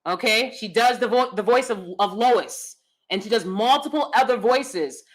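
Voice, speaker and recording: High-voiced woman ranting casually. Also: moderate pace, low-quality recording. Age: 30s. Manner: animated, emphatic, rambling with asides. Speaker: commentary channel host. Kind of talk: casual commentary and livestream chat.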